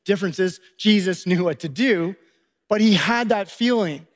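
A pastor preaching a sermon, retelling a Bible story with lively acted-out dialogue. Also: male voice, sits high, moderate pace. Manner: animated storytelling, acting out disciples' voices.

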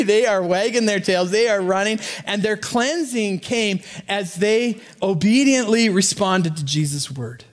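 A middle-aged man preaching a sermon as pastor, conversational and joking, often stumbling over repeated words. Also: sits high. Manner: conversational, stammers on repeated words, jokes with the congregation.

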